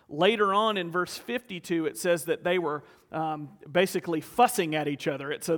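Pastor, male, fairly high voice, earnest storytelling sermon in an echoing sanctuary. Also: a bit bright. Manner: storytelling, earnest, rhetorical questions. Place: church sanctuary.

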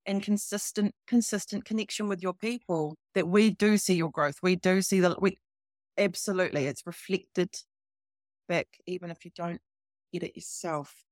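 A woman's voice: on the low side, normal speed, darkish tone, no room sound, clean studio sound. A woman guest on a recovery podcast, talking candidly and emphatically, swearing for emphasis.

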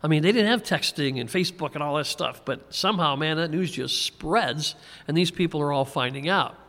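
Chuckling preacher in a reverberant hall. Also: male voice, a little high, fairly quick, bright, forceful tone. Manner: conversational, chuckles often, repeats words when restarting. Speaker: pastor. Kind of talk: verse-by-verse Bible teaching.

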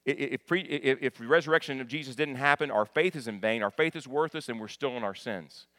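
A man preaching a sermon. He teaches in a conversational way, restarts his phrases often, asks the congregation questions and builds up to loud, emphatic peaks. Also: mid-range voice, quick pace, no echo, studio quality. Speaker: pastor.

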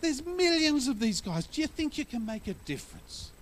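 A man voicing a scoffing grown man who doubts a small boy, incredulous and lecturing, in a high voice. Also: sing-song, normal speed, full character voice.

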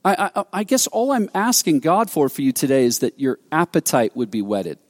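A man's voice: a little high, expressive, moderate pace, long reverb tail. A man preaching a sermon, telling a story animatedly and acting out quoted dialogue with frequent restarts. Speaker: pastor.

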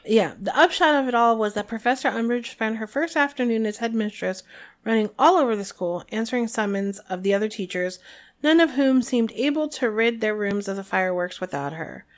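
A woman's voice: a little high, fairly quick. A woman co-hosting a podcast, chatting casually and reading a book aloud with opinionated asides. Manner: chatty, opinionated, lots of fillers. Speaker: podcast co-host.

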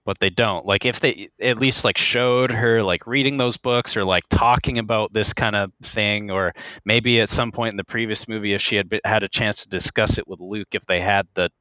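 A man's voice: on the low side, fairly even intonation, normal speed, hardly any pauses, pushed and bright, no room sound, dull audio. A young man chatting casually while commenting on a movie, peppering his talk with filler words and sarcastic quotes. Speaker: film commentary co-host.

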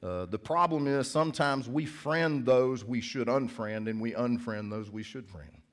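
A man's voice: medium pitch, unhurried. A male pastor preaching a sermon in church, in a conversational, joking storytelling manner.

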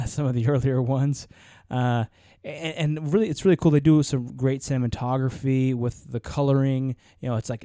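A man's voice: mid-range voice, warm tone, dry recording, studio quality. A man co-hosting a podcast, chatting enthusiastically in a rambling way. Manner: rambling, many fillers and restarts, enthusiastic. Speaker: podcast co-host. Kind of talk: casual chat.

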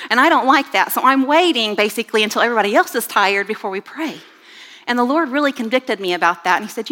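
A woman in her forties giving a sermon with personal stories, chatty and animated, with rising exclamations. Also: fairly high pitch. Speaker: church speaker. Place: church sanctuary. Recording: reverberant church hall.

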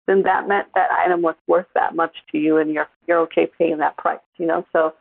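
A woman in her forties co-hosts a casual chat, telling stories in an animated way. Her voice sits low with a gravelly fry. The sound is dry and tinny, like a phone line. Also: no room sound. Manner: chatty, animated storytelling. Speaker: podcast co-host.

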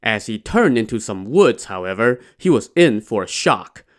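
A man's voice: fairly low pitch, very animated, normal speed. A man casually retelling a classic adventure novel, dropping in wry, irreverent asides. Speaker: storyteller.

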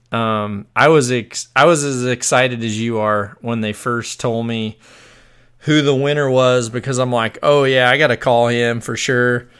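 Male podcast host, easygoing and upbeat, smooth resonant voice. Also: medium pitch, fairly bright tone. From born on an army base in the US. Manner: upbeat, laughs easily. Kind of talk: casual chat.

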